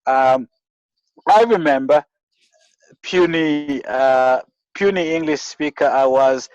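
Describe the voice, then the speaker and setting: A South African man from rural KwaZulu-Natal, a guest in an interview, tells reflective stories earnestly, with many restarts and repeated words. His voice is a little high, slow, a little mellow and smooth, with no room sound and the highs cut off.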